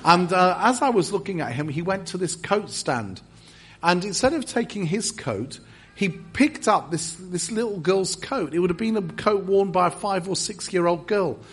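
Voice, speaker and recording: A middle-aged English man preaches in a church, spinning a personal story with dry, self-mocking humor. His voice is husky and sits a little high for a man. He stumbles and restarts often as he talks. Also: animated, normal speed. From England. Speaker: guest preacher. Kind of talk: storytelling sermon.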